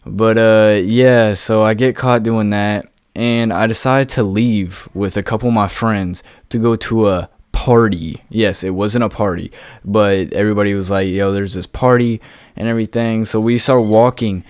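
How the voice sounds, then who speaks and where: A young man from West Virginia tells a personal story with casual, profane ease. His voice sits a little low and comes through smooth and clear. The recording is close and dry. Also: fairly even intonation, normal speed, darkish tone, dry recording. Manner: loose, profane and laid-back, acting out quoted voices. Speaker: vlogger.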